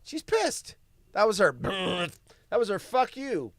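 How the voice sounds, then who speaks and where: Stream host, slow-talking, profane rants, laughs while reading news, dry close sound. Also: medium pitch, big pitch swings, no room sound. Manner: profane ranting and mocking asides. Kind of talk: solo live-stream commentary.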